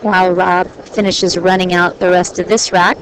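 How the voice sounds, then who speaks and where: A woman's voice: lowish voice, little pitch movement, normal speed. A woman giving chatty, lighthearted play-by-play commentary on a pool match, with plenty of ums. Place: pool hall. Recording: noisy live-stream audio.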